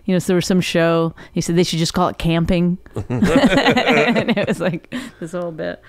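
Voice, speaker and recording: A woman's voice: on the low side, moderate pace. A woman in her forties, a comedian guest on a podcast, chatting wryly and laughing often. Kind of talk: casual chat.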